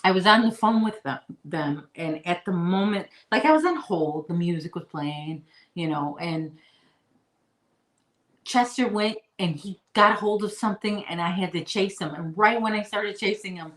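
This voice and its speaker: A crochet vlogger from the Chicago area chats with her live viewers while she works, rambling along casually and cooing to her puppy in a high baby voice. Her pace is moderate, and the audio is poor, with an echoey room.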